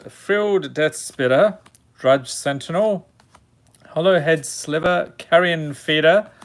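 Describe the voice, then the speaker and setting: A man with a Chicago accent streaming a card-pack opening, reading out card names and chatting with his viewers. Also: on the high side. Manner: reads card names in a steady list, then chats with viewers. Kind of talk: casual live-stream chat.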